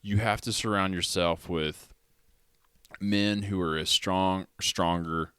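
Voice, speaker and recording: A man hosting a podcast, talking reflectively in a relaxed conversation. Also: low-pitched, smooth, no room sound, studio quality. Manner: reflective, measured. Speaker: podcast host.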